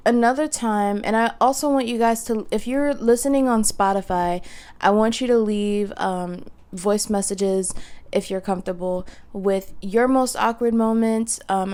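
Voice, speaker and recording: Young woman podcast host rambling through stories, lots of likes and ums, smooth clear voice. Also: mid-range voice, a little mellow. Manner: chatty, many fillers like "like" and "um". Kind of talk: casual solo podcast storytelling. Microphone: podcast microphone.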